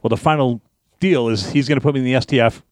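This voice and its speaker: A man, a wrestling guest, telling a story in casual talk, cursing freely and acting out his shouting. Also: mid-range voice, fast, no echo. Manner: profane, animated, acts out yelling.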